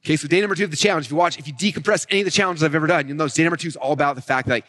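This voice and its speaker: A man giving an energetic marketing talk on stage, walking listeners through his method and often checking in with "right?" and "okay?". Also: a little high, racing. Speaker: marketing speaker.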